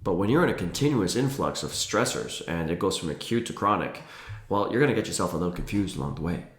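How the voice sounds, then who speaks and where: Male health educator, emphatic and playful, animated delivery, roomy sound. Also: lowish voice. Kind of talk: energetic educational talk to camera. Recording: roomy echo.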